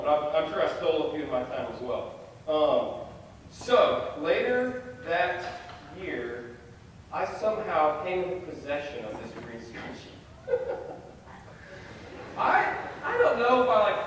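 A young man telling a self-deprecating, animated story as a chapel speaker. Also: on the high side, normal speed, a little hiss or hum. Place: large hall. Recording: echoey hall from far off.

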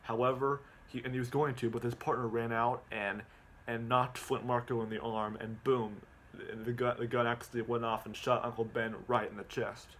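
A man's voice: mid-range voice, level tone, fairly quick, hardly any pauses, a bit bright, slight background noise. A man casually recapping a movie at home, stumbling over his words with lots of ums and repeats.

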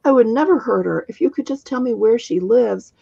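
A woman's voice: a little high, fairly quick, gravelly, warm tone, husky, dull audio, voice pushed up, exaggerated voice. A woman reading aloud, voicing a young male white dragon who is earnest and lovesick.

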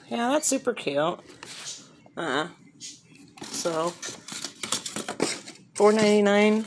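Over a noisy background, a vlogger with a mid-range voice walks through her shopping haul at home, chatty and upbeat as she lists prices. It's a casual haul video filmed on a handheld phone.

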